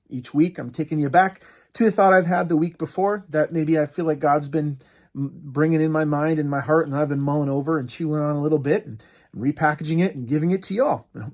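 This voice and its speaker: A man in his thirties, a pastor giving a friendly, energetic welcome to online viewers. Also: on the high side. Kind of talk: upbeat video greeting.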